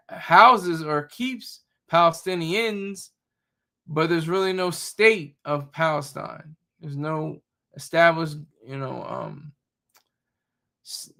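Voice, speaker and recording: This man's voice sits on the high side with a sharp tone. He's a commentary streamer giving casual, rambling reactions, often groping for words and coming across as sarcastic.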